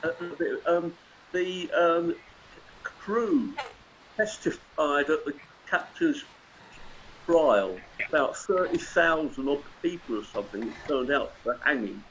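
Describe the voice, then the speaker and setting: Slow, rambling man on a call. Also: on the high side, animated, a bit bright, slight background noise, low-quality recording. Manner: rambling, hesitant with fillers. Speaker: singaround participant. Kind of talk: casual chat. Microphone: video call.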